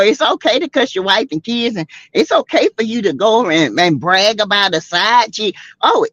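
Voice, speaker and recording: A woman's voice: mid-range voice, fairly bright tone, no room sound, muffled recording. A woman from South Carolina hosting a livestream, giving sassy, outspoken, slangy commentary on a reality show to her live chat and laughing often. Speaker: livestream host.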